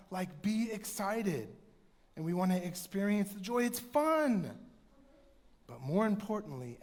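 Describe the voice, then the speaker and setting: A man preaching a conversational sermon in a church, telling animated stories and sometimes shouting for effect. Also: sits high. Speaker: pastor. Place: church sanctuary. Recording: church hall reverb.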